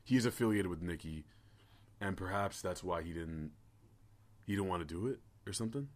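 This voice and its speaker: Male co-host, fairly low voice, hesitant, swearing, casual podcast chat. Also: brisk. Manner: hesitant, swears freely, many fillers.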